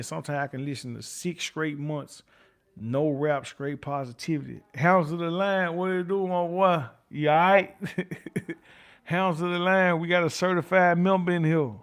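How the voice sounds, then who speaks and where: A middle-aged man with a Memphis Southern accent, hosting a livestream, chatting loosely, reading out viewer comments and repeating himself. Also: on the high side. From Memphis, Tennessee. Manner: loose, rambling, repeats himself, curses freely. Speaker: livestream host.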